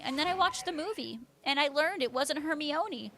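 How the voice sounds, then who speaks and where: A woman's voice: high voice, brisk, bright, forceful tone, a little hiss or hum. A woman hosting a live stream, chatting casually with viewers, laughing often and answering them by name. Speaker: livestream host.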